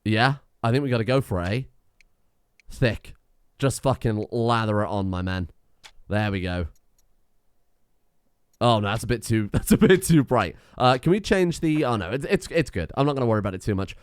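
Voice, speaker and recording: A man's voice: medium pitch, animated, moderate pace, pauses often, clean tone, no echo, clean studio sound. An English man casually commentating a video game as he plays, swearing often. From England. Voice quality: sweary, chuckling, offhand. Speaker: game streamer. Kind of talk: casual let's-play commentary.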